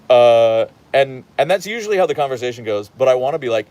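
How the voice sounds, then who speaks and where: A man's voice: mid-range voice, lively intonation, quick pace, few pauses, darkish tone. A man hosting a casual livestream from home, reading out the chat and rambling playfully, slipping into voices when he retells stories.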